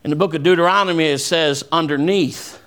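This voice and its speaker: High, bright-voiced impassioned preacher man. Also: brisk. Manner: impassioned preaching, swinging between low asides and raised shouts; quotes scripture. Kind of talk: fervent sermon.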